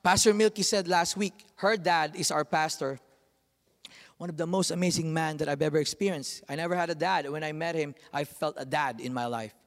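A man in his thirties preaching a sermon, telling family stories with lively, acted-out quotes. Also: fairly high pitch, fairly quick. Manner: animated storytelling, acts out quotes. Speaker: pastor. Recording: long hall reverb.

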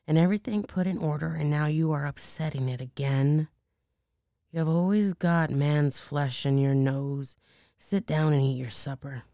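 A hoarse woman voicing a sly, soothing old grandmother, talking in a soft, coaxing half-whisper. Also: low-pitched, normal speed, no room sound. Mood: scolding.

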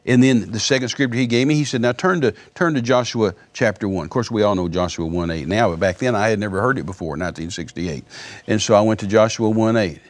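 A man's voice: fairly low pitch, quick pace. A man in his sixties, a guest minister in a broadcast interview, telling stories in a folksy way and often repeating words.

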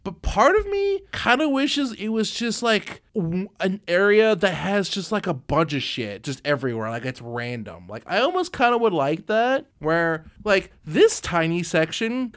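A young man in his twenties chatting casually, rambling and swearing, telling animated stories with frequent laughs. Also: high voice, unhurried, hardly any pauses. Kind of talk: casual chat.

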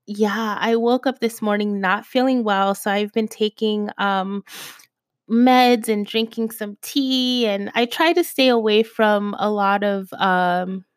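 A young woman hosting her own podcast in casual chat, her voice raspy from a cold, talking with lots of fillers and repeated asides to her listeners. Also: mid-range voice, steady tone, slow pace, no room sound, studio quality. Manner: chatty, lots of fillers, keeps saying "you guys". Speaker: podcast host.

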